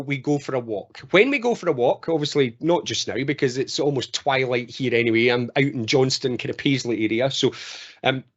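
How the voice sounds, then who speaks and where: Animated Scottish man telling a story. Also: on the high side. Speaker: mental health trainer. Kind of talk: online training talk. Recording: dull lo-fi call audio.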